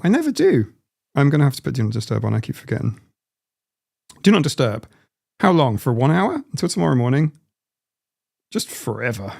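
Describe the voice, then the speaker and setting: A man in his forties hosting a casual live stream, reading out viewer comments and talking in halting bursts full of restarts. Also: medium pitch, gravelly, darkish tone. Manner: halting, frequent restarts and self-interruptions.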